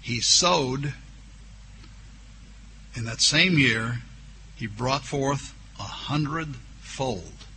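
Male preacher, sermon, very slow delivery, bright tone, faint background hiss. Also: mid-range voice. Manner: slow, drawn-out emphasis on key words; voices imagined objections from listeners. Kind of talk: sermon with scripture reading.

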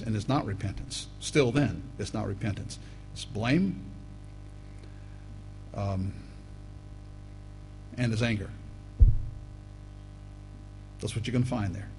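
A man's voice: on the low side, low-quality recording. Emphatic preacher man reading scripture. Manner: emphatic, rising to loud bursts; addresses listeners as folks.

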